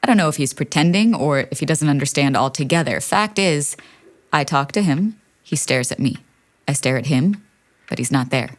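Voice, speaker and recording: A woman with a low voice and lively intonation performs a play as a monologue in a staged reading, recorded in a studio. Wry and anxious, she swings between brisk lists and hushed, confessional moments.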